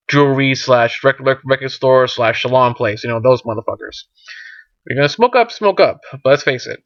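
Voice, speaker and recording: A man rants crudely and sarcastically, swearing as he rambles through his grievances with plenty of fillers. His pitch sits mid-range. The audio is muffled, lo-fi and close with no room sound. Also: fairly bright tone, dry recording. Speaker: comedic vlogger. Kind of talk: profane comedic rant. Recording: dull lo-fi dry recording.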